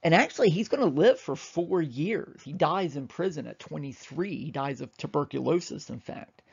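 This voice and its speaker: A man's voice: fairly high pitch, lively intonation, moderate pace, gravelly, husky, muffled recording. A man giving a casual, rambling history lecture, often correcting himself and acting out quotes.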